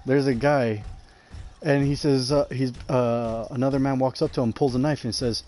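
A man's voice: medium pitch, steady tone, moderate pace, a little mellow, slight background noise. A man live-streaming a video game, swearing freely, laughing often and breaking into exasperated rants. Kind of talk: casual gameplay commentary.

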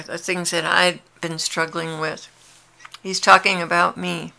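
A woman's voice: fairly low pitch, flat delivery, a little slow, gravelly, bright, forceful tone. A woman speaking earnestly and intimately in a devotional monologue, confessing openly to her listeners.

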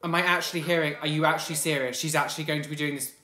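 A woman's voice: low voice, steady tone, rapid-fire, sharp tone. A woman hosting a reaction video, chatting casually with shocked exclamations and outraged asides. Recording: echoey room.

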